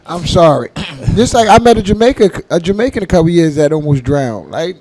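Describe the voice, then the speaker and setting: A man with a notably high voice trades jokes on a comedy radio show. He tells teasing, profane stories in loose banter. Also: animated, a little fast, a little mellow. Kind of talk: joking banter.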